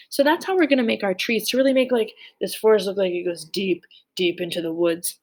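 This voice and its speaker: A woman's voice: mid-range voice, gravelly. A young woman leading a children's drawing lesson, cheerful and playful, speaking directly to the kids. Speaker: art teacher.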